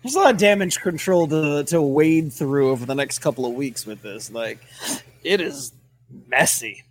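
High, lively man in sports chat. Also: normal speed, a little hiss or hum. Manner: blunt, swears, laughs often. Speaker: sports co-host. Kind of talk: casual sports banter.

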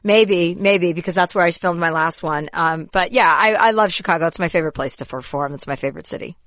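A woman's voice: on the low side, brisk, fairly bright tone, no echo, studio quality. A woman comedian talking as a podcast guest in an earnest, conversational way. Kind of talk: casual interview.

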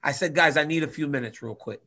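A man in his twenties telling a story in casual chat, animated, swinging from loud to quiet. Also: fairly high pitch, fast talker. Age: 20s. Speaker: guest fighter.

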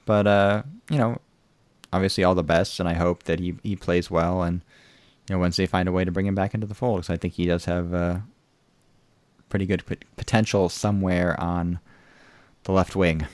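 Podcast host, man, very low voice, dry close sound, meandering chat. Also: flat delivery, moderate pace, a little mellow, clean tone, dry recording. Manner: rambling with many fillers. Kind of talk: casual chat.

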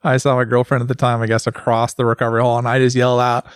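A man's voice: medium pitch, monotone, racing, clean tone. A man co-hosting a podcast in a casual chat, laid-back and self-mocking, while recovering from surgery. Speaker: podcast co-host.

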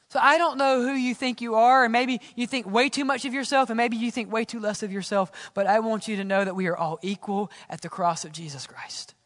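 Pastor preaching, really high bright voice, chatty, lots of questions to the crowd. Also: male voice. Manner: earnest, conversational preaching with rhetorical questions. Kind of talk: sermon. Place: church sanctuary. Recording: long church reverb.

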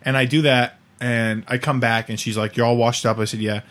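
A podcast host tells an embarrassing story in a casual, comedic way, laughing and acting out everyone's lines with animation. He has a medium-pitched voice and a brisk delivery.

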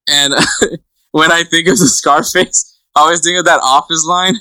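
A man in relaxed podcast chat with a bright, forceful tone, laughing often as he talks. He rambles and restarts his sentences. The sound is dry and close. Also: on the high side, normal speed, clear, resonant tone, no room sound, poor audio. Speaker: podcast co-host. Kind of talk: casual chat.

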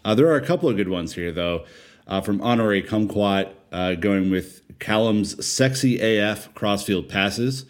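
A man co-hosting a casual podcast, reading out listener comments in a relaxed way with fillers. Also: lowish voice, moderate pace. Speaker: podcast co-host.

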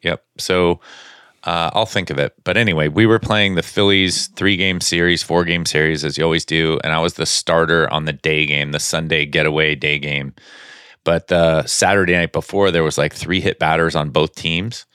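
A man with a very low, resonant voice rambles through a story in casual podcast chat. He is a former pitcher and keeps stopping to hunt for the right word. The sound is dry and close. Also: steady tone, moderate pace, sharp tone, clean tone, no echo. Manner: rambling storyteller, searches for words. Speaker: former professional baseball pitcher.

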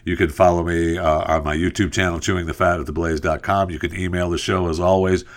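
Deep male talk-radio host, loose and rambling. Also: fairly quick. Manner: relaxed, rambling, frequent fillers. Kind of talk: casual talk, telling a joke.

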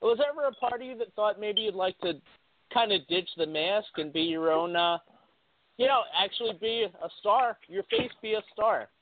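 A man's voice: sits high, expressive, moderate pace. A man interviewing a guest, asking questions with enthusiastic, hesitant phrasing. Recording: tinny phone-like line.

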